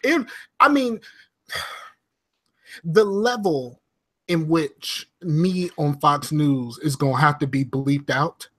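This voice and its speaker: A man's voice: fairly high pitch, slow, long pauses. A man co-hosting a podcast over a remote call, telling stories animatedly with lots of fillers. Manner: animated storytelling, frequent fillers. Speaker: podcast co-host. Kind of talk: casual podcast chat.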